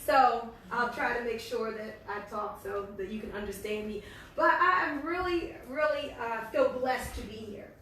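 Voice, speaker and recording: A middle-aged American woman giving an earnest, fast-paced motivational speech at a business meeting. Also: on the high side, fairly bright tone, slight background noise. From United States. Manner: fast-talking, earnest and faith-filled. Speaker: network marketing leader and speaker. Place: large echoey meeting hall. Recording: echoey hall from far off.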